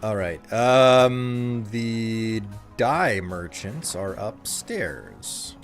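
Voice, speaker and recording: A man commentating his own game live for his viewers, his pitch leaping around as he talks. He plays along with chat's jokes and gets theatrically indignant at them. There is faint music underneath his voice. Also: expressive, very slow. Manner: playful, mock-indignant, talks to chat. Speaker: streamer.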